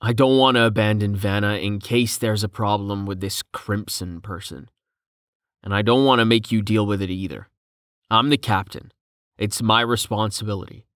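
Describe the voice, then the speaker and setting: A man's voice: lowish voice, steady tone, normal speed, fairly bright tone, no echo, clean studio sound, natural voice. A man voicing a weary young captain whose voice sounds tired and faint.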